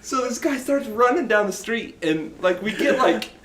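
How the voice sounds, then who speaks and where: A man telling a story in casual podcast chat, animated and swearing freely. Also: very high voice, normal speed, roomy sound, slight background noise. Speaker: podcast co-host.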